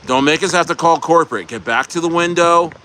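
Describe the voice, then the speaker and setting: A man putting on a bossy fast-food shift manager who scolds and barks orders in a raised voice, with loud wind outdoors. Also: on the high side, pitched above the performer's own voice, poor audio. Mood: scolding. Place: outdoors at a beach.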